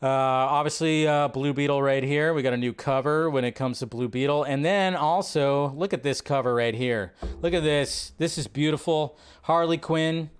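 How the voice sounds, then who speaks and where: A man's voice: fairly high pitch, moderate pace, few pauses, clear, resonant tone. A man hosting a live movie news stream, joking, reacting to chat and riffing casually.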